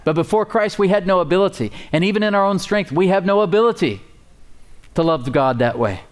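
Pitched high and a little fast, his intonation lively, a pastor preaches to his congregation in church while they call back. He keeps it emphatic and casual, with repeated key words, requests for amens, fillers, and folksy asides.

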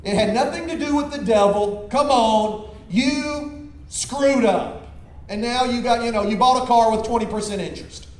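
Pastor, male, high-pitched and lively, folksy storyteller who stumbles and repeats words; echoey church hall with faint room noise. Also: a little fast, few pauses. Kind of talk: sermon.

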